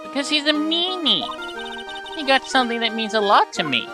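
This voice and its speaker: A woman's voice: high-pitched, sing-song, moderate pace, pitched above the performer's own voice. Lady reading a naive circus girl, sweet and dreamy, bouncy delivery, game music behind. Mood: innocent.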